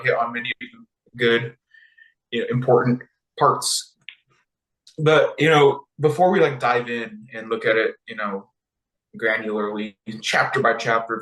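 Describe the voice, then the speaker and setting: A man's voice: medium pitch, a bit bright, reverberant, rough recording. A man co-hosting a podcast, talking in a rambling, casual way full of fillers. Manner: rambling, heavy use of fillers like "you know" and "like". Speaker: podcast co-host. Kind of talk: casual discussion.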